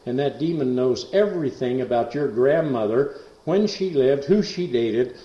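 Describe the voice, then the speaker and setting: A man preaching in a folksy, rambling way, full of fillers and asides, who rises to loud, emphatic bursts on scripture. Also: medium pitch, animated, normal speed. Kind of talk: folksy sermon storytelling. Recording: roomy, dull lo-fi recording.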